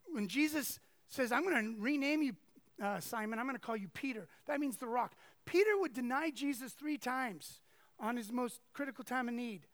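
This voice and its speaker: A man's voice: extremely high pitch, creaky, fairly bright tone, dry recording. A man preaching a sermon to a congregation, speaking conversationally and animatedly, with asides and acted-out quotes. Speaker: pastor.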